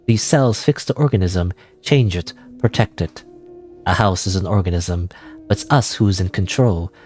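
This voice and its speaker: A man voicing a secretive, moody teenage girl obsessed with the occult, in a nasal, slightly breathy voice. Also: low-pitched, moderate pace, darkish tone, lightly acted. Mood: ominous.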